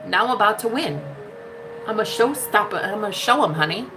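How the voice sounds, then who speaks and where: A woman's voice: medium pitch, expressive, fairly quick, low-quality recording. Sassy, emphatic woman ranting to camera. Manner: sassy and emphatic, profane, repeats "honey". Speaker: spiritual love-reading vlogger. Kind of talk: impassioned spiritual monologue. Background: music.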